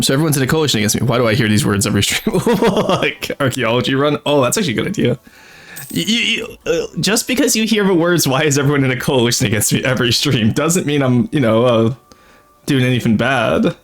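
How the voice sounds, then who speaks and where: Chatting loosely with his viewers while playing a strategy game, this young streamer rambles and laughs often. He talks a little fast in an expressive mid-range voice, with soft music in the background.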